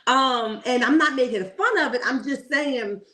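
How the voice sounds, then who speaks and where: A woman's voice: high-pitched, normal speed, pushed and bright. A woman hosting a casual reality TV commentary livestream, opinionated and chatty, greeting viewers in the chat and checking in with "okay?".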